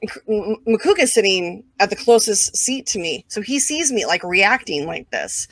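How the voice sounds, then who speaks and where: A woman of mid pitch spins a casual anecdote as an interview guest, animated and peppered with filler words and quick asides. The recording is dry and close, with no room sound around her. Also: no room sound. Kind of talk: casual storytelling.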